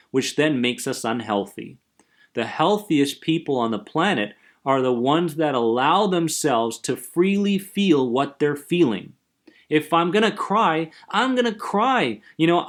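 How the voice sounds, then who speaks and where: A man hosting a self-help podcast, talking earnestly and emphatically about anxiety and often checking in with "right?". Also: on the high side. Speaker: anxiety coach and podcast host. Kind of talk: motivational self-help talk.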